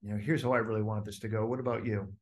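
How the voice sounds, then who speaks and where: Low-ish and racing, this man's voice carries an informal teaching session for a group he's coaching. He's animated, restarts often, leans on fillers, and voices people's inner thoughts out loud.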